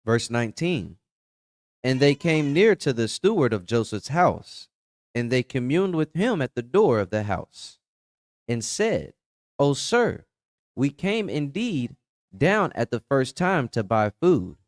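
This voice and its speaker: Man, scripture reader, steady plain delivery, mid pitch, dry close sound. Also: slow, dry recording. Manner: steady, plain reading of archaic text. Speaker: scripture reader in a Bible study. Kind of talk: reading scripture aloud.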